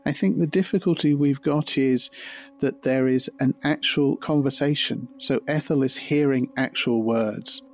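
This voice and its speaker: A man giving a measured, analytical explanation as a forensic psychology expert. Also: medium pitch, a little mellow, soft background music.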